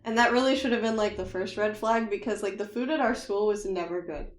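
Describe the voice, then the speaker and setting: A woman's voice: mid-range voice, fairly quick. Quipping young woman in an echoey room. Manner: chiming in with quips and laughter. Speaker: podcast co-host. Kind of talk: casual chat.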